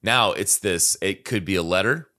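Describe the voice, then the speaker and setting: A man with a low voice and a bright, forceful edge talks through song lyrics in a relaxed, conversational way. He reads lines aloud, then works out their meaning with frequent fillers and restarts. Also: moderate pace. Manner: thoughtful, reads lyrics aloud and unpacks them with many fillers. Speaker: podcast co-host discussing song lyrics. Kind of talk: casual conversational analysis.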